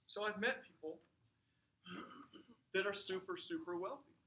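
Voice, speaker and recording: Guy lecturing casually, telling funny stories, bright and high, roomy echo, faint noise. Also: a little slow, recorded from a distance. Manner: animated, joking, with asides. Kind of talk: informal lecture with storytelling. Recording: echoey room, mic from afar.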